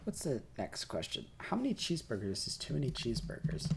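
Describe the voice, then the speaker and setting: A man's voice: medium pitch, huge pitch swings, a little fast, vocal fry, noisy background. A tipsy young man hosting a game video, rambling and joking through questions and swearing casually. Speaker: gaming host. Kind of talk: casual Q&A while playing a game. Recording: keyboard and mouse clicks behind.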